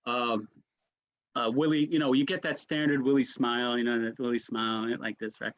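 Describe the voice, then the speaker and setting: Animated male comedian telling stories. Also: medium pitch, a little fast, dry recording, dull audio. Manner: animated storyteller, frequent restarts and "right?" asides. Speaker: comedian guest. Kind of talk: casual anecdote telling in an interview.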